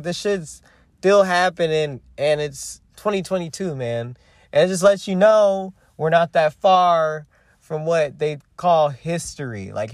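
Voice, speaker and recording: A man's voice: a little high, no room sound. A young man hosting a casual solo podcast, speaking in a loose, profane, slangy way that trails off and restarts. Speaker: podcast host.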